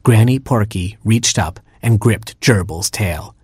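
A man narrating a children's storybook with playful expression. His voice is low and husky, recorded close and dry. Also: unhurried, hardly any pauses, darkish tone, no room sound. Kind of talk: storybook reading.

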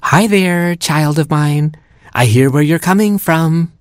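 A man's voice: fairly high pitch, slow pace, smooth, no echo, clean studio sound, pitched above the performer's own voice. A man voicing an earnest, soothing male baboon king in a storybook, speaking with therapy-speak sincerity.

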